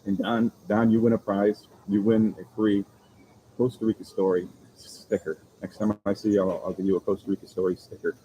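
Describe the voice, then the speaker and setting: A man with a deep, warm voice chats casually on a live stream from an outdoor seaside restaurant. He rambles easily and talks straight to his viewers. Faint insect sounds hum in the background. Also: a little fast, poor audio. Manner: relaxed, rambling, chatting with viewers. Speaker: vlogger hosting a live stream. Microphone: phone camera.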